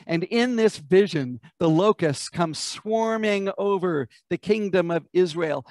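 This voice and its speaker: A man's voice: sits high, no room sound. An American man preaching a sermon, retelling scripture as a vivid story and asking listeners to imagine it. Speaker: pastor.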